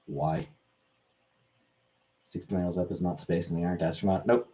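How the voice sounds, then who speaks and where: A man's voice: sits low, steady tone, normal speed, warm tone. A man hosting a casual comedic monologue, crude and irreverent, rambling between jokes.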